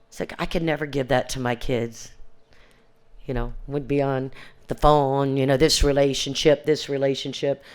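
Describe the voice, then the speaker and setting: A woman's voice: extremely low pitch, fairly even intonation, normal speed, a little mellow, clean tone. An older woman giving earnest, plain-spoken personal testimony at a recovery reunion, often restarting her sentences and quoting conversations. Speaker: recovery speaker.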